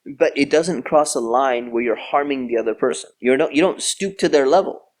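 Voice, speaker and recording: A middle-aged man giving a religious lecture, telling a story and acting out the quoted voices with lively shifts. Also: medium pitch, moderate pace. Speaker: Islamic lecturer.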